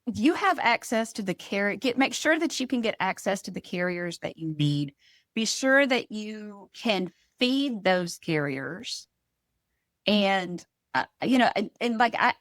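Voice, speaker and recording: A woman with a Southern US accent on a panel, talking in a chatty, animated and teasing way. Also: medium pitch, dry recording, clean studio sound. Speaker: co-host. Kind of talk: casual panel talk.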